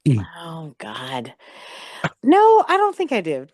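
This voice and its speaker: A woman chatting on a podcast, giggling and sharing her news in a relaxed way. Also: deep voice, takes it slowly, crowd noise. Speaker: podcast guest. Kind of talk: casual chat.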